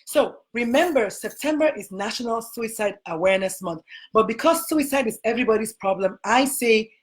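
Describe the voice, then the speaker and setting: Nigerian woman, physician host, emphatic preacher-like delivery, fairly high pitch. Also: lively intonation, moderate pace. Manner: preacherly, emphatic, repeats phrases. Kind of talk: motivational talk.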